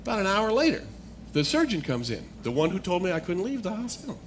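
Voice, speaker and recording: A man speaking as a guest speaker, telling a personal testimony in a storytelling manner that builds to animated excitement. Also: high voice, fast, slight background noise.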